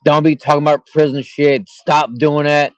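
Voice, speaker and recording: A man's voice: on the high side, flat delivery, normal speed, dry recording. A man with a slightly raised voice talks candidly as a guest, rambling and going back over his words. The sound is dull and lo-fi, close and dry with no room around it. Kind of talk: casual chat.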